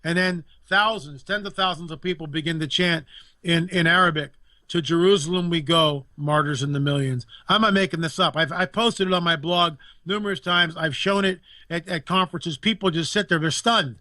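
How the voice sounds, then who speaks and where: A man's voice: high-pitched, fairly quick, bright, forceful tone, no room sound. A man talking in an impassioned, indignant way as a guest commentator, repeating phrases for emphasis. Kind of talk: impassioned political talk.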